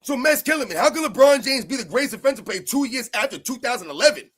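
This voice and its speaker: Dude with a really high voice going off on a sports rant, pushy, says stuff twice. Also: male voice, lively intonation, fast talker, fairly bright tone. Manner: emphatic, argumentative, repeats points. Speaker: sports commentary host.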